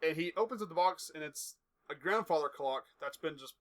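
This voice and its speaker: A man's voice: fairly high pitch, animated, a little fast. A young man co-hosting a podcast, casually retelling wrestling segments in a rambling way. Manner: rambling storyteller, acts out quotes. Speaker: podcast co-host. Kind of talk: casual chat recapping wrestling.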